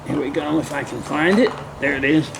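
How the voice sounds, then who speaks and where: Gravelly folksy man teaching woodcarving. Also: fairly high pitch, fairly quick, heavy background noise. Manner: folksy, hums and mutters while working. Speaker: woodcarving instructor. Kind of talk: casual step-by-step demonstration.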